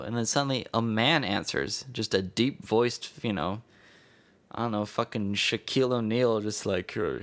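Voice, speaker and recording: A man's voice: medium pitch, steady tone, normal speed, fairly bright tone. A man hosting his own podcast, telling a story in a loose, meandering, profane way with chuckles. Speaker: podcast host. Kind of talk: rambling casual storytelling.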